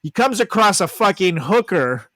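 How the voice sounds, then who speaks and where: A man's voice: high voice, sing-song, moderate pace, fairly bright tone, no echo. A man co-hosting a podcast in casual chat, crude and laughing as he tells stories. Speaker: podcast co-host.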